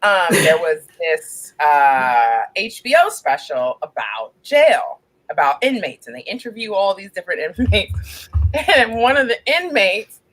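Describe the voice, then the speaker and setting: Lively, bright-voiced woman in her forties. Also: mid-range voice, unhurried, poor audio. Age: 40s. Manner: blunt, profane and laughing. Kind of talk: casual chat.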